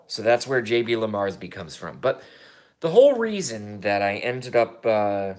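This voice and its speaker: In an unhurried, fairly low-pitched voice, a YouTuber in his thirties rambles through political commentary. Excitable and foul-mouthed, he alternates mumbled asides with loud eruptions and keeps repeating himself.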